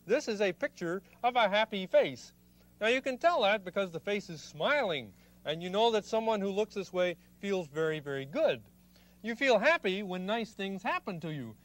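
A man's voice: high-pitched, lively intonation, moderate pace. A man playing an earnest, fussy frog puppet lecturing children on a TV show, explaining patiently with exasperated bursts.

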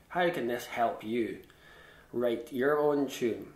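A man's voice: medium pitch, takes it slowly, background noise. Chatty man teaching fiddle. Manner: chatty and self-deprecating, with scat-sung rhythms. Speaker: fiddle tutor. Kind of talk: relaxed online music lesson. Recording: echoey room.

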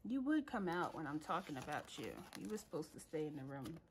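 Woman, casual budgeting vlog, chatty and laughing, table clicks, steady background noise. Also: low-pitched, brisk. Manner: chatty, laughs often, talks to viewers as y'all. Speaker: budgeting vlogger. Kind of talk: casual chat while counting cash. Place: home room at a table.

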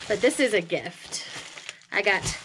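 A woman's voice: medium pitch, animated, a little slow, a bit bright, slight background noise. A woman hosting a casual unboxing vlog, gushing and emotional, often laughing as she talks to her viewers. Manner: chatty, addresses viewers directly. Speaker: manga vlogger.

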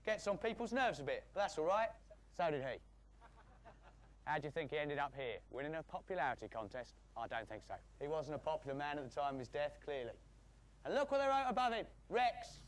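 A male comedian with a London accent delivering a deadpan mock sermon with a gruff, blokey put-on voice. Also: on the high side, a little fast. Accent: London English.

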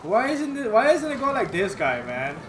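A man's voice: very high voice, wildly swooping pitch, moderate pace. A man giving gameplay commentary, frustrated and swearing constantly. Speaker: gamer. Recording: roomy with loud background noise.

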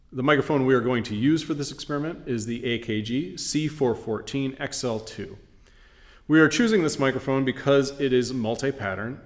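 A man teaching audio engineering, explaining microphone patterns in a steady, clear way while he walks around the mic in a large recording studio. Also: medium pitch. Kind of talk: studio demonstration lesson. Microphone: studio condenser mic at varying distance. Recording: roomy studio reverb, voice moving off-mic.

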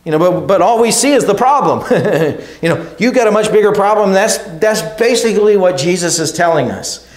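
A man's voice: high-pitched, lively intonation, moderate pace, hardly any pauses. A man preaching a sermon to his congregation in a conversational way, often restarting phrases and checking in with "okay?" and "right?". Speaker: pastor. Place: church sanctuary. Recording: echoey church room.

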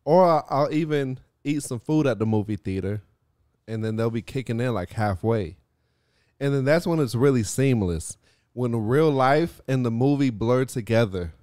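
Smooth-voiced man telling wild stories. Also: medium pitch, moderate pace, dry recording, studio quality. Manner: animated storyteller, swears and laughs often. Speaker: podcast host. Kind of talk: casual chat.

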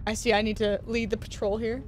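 A woman streamer giving casual, excitable commentary as she plays a shooter, laughing often and talking to the game. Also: on the high side, a little fast. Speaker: gaming streamer. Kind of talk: casual let's-play commentary. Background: game music and gunfire.

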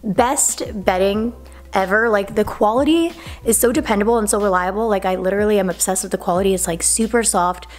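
A woman's voice: mid-range voice, brisk, darkish tone. Young woman, twenties, casual vlog chat, upbeat, chatty, filler words, indoors at home. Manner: chatty, upbeat, says "like" and "literally" often. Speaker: vlogger.

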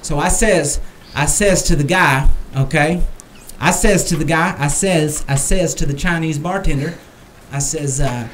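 A man telling a rambling comic story on a talk show, repeating lines to milk the laugh. His voice sits high, over a faint steady hum in the room. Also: moderate pace, hardly any pauses.

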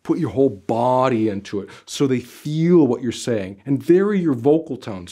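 Energetic male interview coach, speaks straight to camera, emphatic, chatty, medium pitch. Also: moderate pace, few pauses, husky. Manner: animated, emphatic, gestures with arms and body; conversational, many "you know" fillers. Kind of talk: direct-to-camera advice video.

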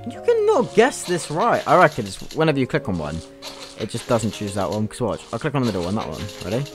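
A man's voice: on the low side, sing-song, fast, music in the background. A young man giving crude, swear-filled gameplay commentary as a YouTube gamer, mocking the game as he plays. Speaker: gaming YouTuber.

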